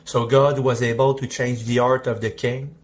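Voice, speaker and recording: A man explaining scripture in a preaching style, halting and restarting mid-sentence. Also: medium pitch, flat delivery. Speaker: Bible teacher on a video clip.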